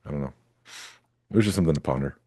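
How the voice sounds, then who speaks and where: A man's voice: extremely low pitch, rapid-fire, dark tone, breathy edge. A man hosting a collecting podcast, chatting casually and hedging with "like" and "uh.". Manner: rambling, hedging with "like" and "uh". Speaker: podcast host. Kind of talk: casual chat. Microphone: studio microphone that pops.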